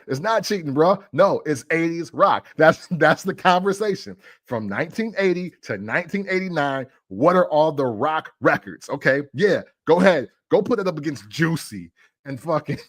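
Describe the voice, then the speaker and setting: A man hosting a casual music talk show, arguing playfully and laughing often. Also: on the high side.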